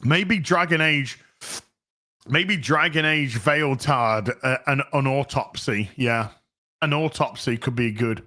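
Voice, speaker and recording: A man's voice: medium pitch, slow pace, bright, forceful tone. A man hosting a casual livestream, reading out chat messages and rambling with many restarts and frequent swearing. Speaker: streamer host reading chat.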